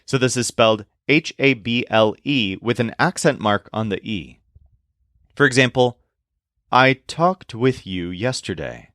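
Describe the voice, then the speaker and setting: Lively, clear male language teacher. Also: medium pitch, dry recording, studio quality. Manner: slow, deliberate explanations with spelled-out words. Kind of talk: scripted lesson narration.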